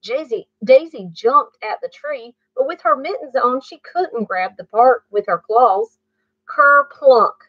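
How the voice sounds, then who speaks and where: A woman reading a bedtime story aloud to children, pausing to ask the listener questions. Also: high-pitched, animated, husky, dry recording. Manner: slow, asks the listener questions. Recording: muffled dry recording.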